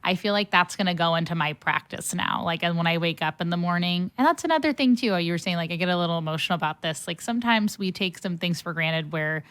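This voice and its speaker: A woman's voice: fairly low pitch, fast, few pauses, fairly bright tone, clean tone. A young woman hosting a podcast, chatting casually with many fillers and easy laughter. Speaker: podcast host. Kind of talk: casual interview chat.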